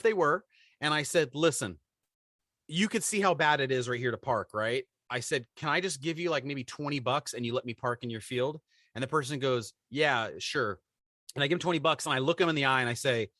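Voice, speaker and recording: A man in his forties telling a story on a podcast in casual chat, animated and acting out the voices of people in it. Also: mid-range voice, a little fast, no room sound, clean studio sound. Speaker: podcast co-host.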